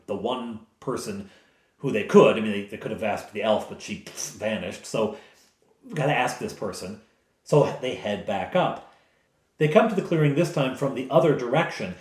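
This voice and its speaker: A man who is the game master, recounting a tabletop game session as an animated storyteller. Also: mid-range voice. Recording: echoey room.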